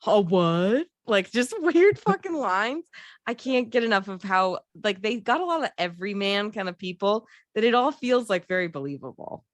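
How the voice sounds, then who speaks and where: An animated young woman co-hosting a podcast, swearing freely and jumping into high voices to act out lines. Her voice sits at a middle pitch, recorded close and dry with no room sound. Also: normal speed, dry recording. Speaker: podcast co-host. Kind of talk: casual movie review chat.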